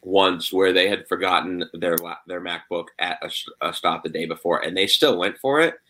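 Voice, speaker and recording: Bright-voiced, swearing young man. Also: low-pitched, normal speed. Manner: swears a lot, says "dude" and "like". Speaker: guitarist in a band. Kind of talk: casual chat.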